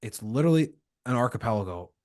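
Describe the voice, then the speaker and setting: A man from Canada hosting a podcast, telling lively stories in a casual chat and acting out the lines of the people in them. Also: medium pitch, quick pace. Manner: lively storyteller acting out quoted dialogue. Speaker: podcast host.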